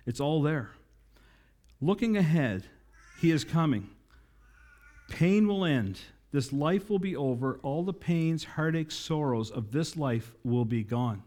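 A man's voice: fairly high pitch, expressive, takes it slowly, dark tone. A man preaching a sermon, building to emphatic, rousing climaxes and talking directly to his congregation. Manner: preaching with rising emphatic climaxes and audience asides. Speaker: pastor.

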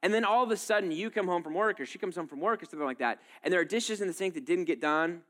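Animated, chatty male pastor preaching. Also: high voice, fast. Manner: casual, animated preaching with many fillers. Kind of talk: sermon.

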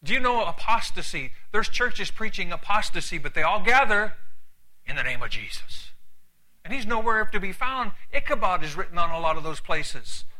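An older man from Canada delivers a sermon in a high, very bright voice. He preaches emphatically, tells stories along the way, and drops to a near hush for effect. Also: expressive, fairly quick, few pauses, rough recording.

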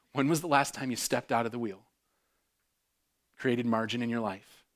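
A man preaching to his congregation with a voice of ordinary middle pitch. He moves from fervent, rising outbursts down to quiet, close-in tones and repeats key phrases to drive them home. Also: measured pace. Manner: impassioned, swings between loud bursts and hushed intimate tones. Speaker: pastor. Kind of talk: sermon.

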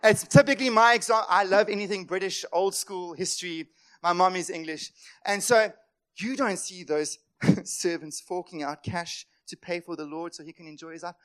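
High-voiced impassioned pastor. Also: male voice, steady tone, normal speed, clean tone. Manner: impassioned, swings between loud emphatic lines and quiet asides; acts out voices of worried people. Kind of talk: sermon.

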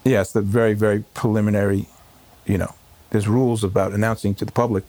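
A man, a rabbi, recalling a painful day in an emotional interview, talking in halting bursts with many fillers and restarts. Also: on the low side, flat delivery, darkish tone. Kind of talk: emotional personal recollection. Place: home.

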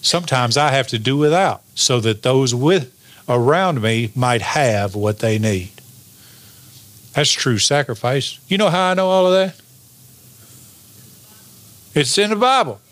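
A man's voice: mid-range voice, lively intonation, a bit bright. A male pastor preaching a sermon, stretching out key phrases and asking the congregation for an "amen". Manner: preaches with call-and-response, draws out key lines slowly.

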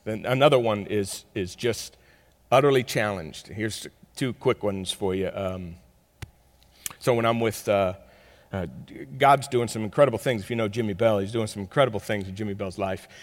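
Male pastor, sermon, animated storytelling, loud then hushed, long hall echo. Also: lowish voice, normal speed.

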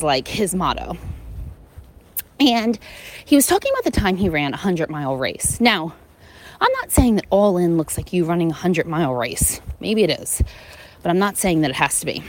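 A woman's voice: lowish voice, darkish tone, rough recording. A woman giving a casual motivational talk, earnest and emphatic, repeating words for stress.

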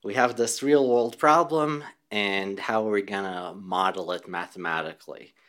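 A man's voice: on the low side, normal speed, a bit bright. A man, a physicist, answering interview questions thoughtfully, with small laughs and occasional restarts. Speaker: physicist and researcher.

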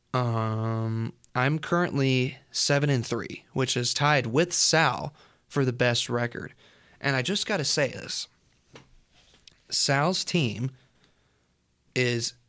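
A man's voice: mid-range voice, a bit bright, clear, resonant tone. Rambling young man hosting college radio. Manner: rambling, joking, easily distracted. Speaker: college radio show host. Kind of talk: casual radio chat. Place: radio studio.

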